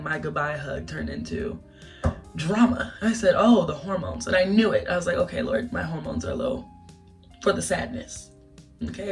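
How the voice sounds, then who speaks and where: A young woman telling a casual storytime vlog, animated and emotional, laughing through tears. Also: low-pitched, gravelly. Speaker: vlogger. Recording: distant mic with music behind.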